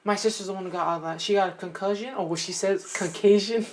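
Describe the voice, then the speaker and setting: A woman's voice: mid-range voice, fairly even intonation, quick pace, a little hiss or hum. A young woman co-hosting a podcast, telling a story in a casual chat, rambling with many fillers and laughing now and then. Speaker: podcast co-host.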